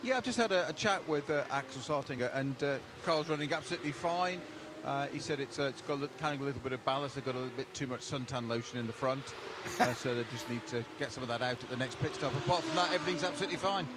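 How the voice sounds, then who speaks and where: Rapid pit lane reporter over loud engines. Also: male voice, medium pitch. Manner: brisk, filler-heavy live updates. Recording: noisy pit lane line.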